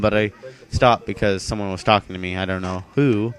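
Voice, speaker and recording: A man's voice: lowish voice, fairly even intonation, a little fast, fairly bright tone. Rambling young man narrating a game. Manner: rambling, filler-heavy, offhand. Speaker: gaming channel host. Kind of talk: casual game commentary.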